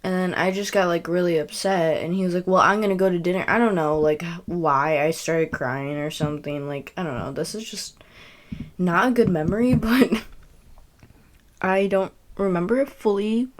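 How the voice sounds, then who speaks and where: A woman's voice: on the low side, moderate pace. A young woman telling a personal story in a casual, rambling way, full of fillers and self-corrections. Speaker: podcast host.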